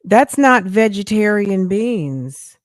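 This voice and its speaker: Casting: woman, streamer host, sharp mocking reactions, dry close sound. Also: medium pitch, animated, slow, dry recording. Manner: blunt, mocking, talks back at the clip. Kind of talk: casual reaction commentary.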